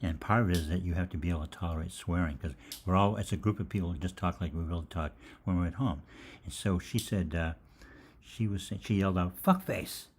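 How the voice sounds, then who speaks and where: Low-voiced older man telling rambling stories. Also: quick pace, slight background noise. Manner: rambling, jokey anecdotes with casual swearing. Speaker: host of a live health Q&A. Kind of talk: casual live Q&A storytelling.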